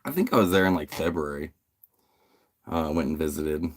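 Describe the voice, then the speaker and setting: A man's voice: rumbling low, animated, fairly quick, slight background noise. A laid-back man from the United States hosting a casual livestream, chatting with viewers, swearing freely and giggling as he talks. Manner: laid-back, profane, giggly, reads chat aloud. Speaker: livestream host.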